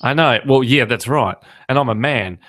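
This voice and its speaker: A man's voice: medium pitch, moderate pace, fairly bright tone. Joking Australian man hosting a podcast. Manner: joking, ranting. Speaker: podcast host. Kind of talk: casual chat.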